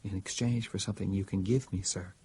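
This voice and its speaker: A man voicing a calm, formal robot. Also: low voice, fairly quick, slight background noise. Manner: formal, quiet, even. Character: polite, calm household robot, male. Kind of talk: audiobook reading.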